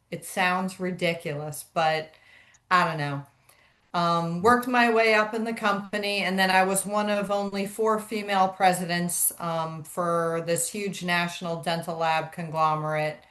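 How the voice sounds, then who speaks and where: A woman's voice: fairly low pitch, fairly bright tone. Wry middle-aged woman in a roomy space. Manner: candid, wry, loose speech with fillers. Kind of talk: casual chat.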